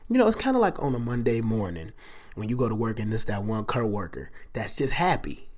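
A man hosting a podcast, telling a story in a casual, animated way and jumping into exaggerated voices for the people in it. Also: on the low side, a little fast. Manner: animated, jumps into exaggerated character voices and back. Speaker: podcast host.

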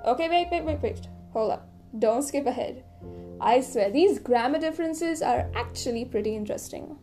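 A woman's voice: high-pitched, animated, normal speed, dark tone, faint music behind. A young woman hosting an educational podcast, reading a script in a playful, chatty way with jokey asides. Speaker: podcast host explaining English dialects.

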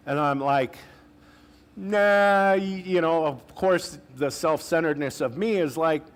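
A man with a slightly high voice delivers a sermon as a pastor. He talks to the congregation in a loose, chatty way, full of asides and slang. Now and then he slows right down to lean on a key phrase. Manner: conversational, with casual asides and slang; preaching with slow emphatic stresses on key phrases.

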